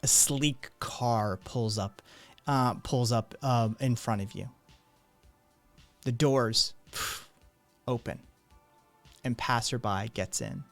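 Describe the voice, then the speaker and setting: A man narrating as game master in a measured, unhurried way. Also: medium pitch, a bit bright, faint music behind.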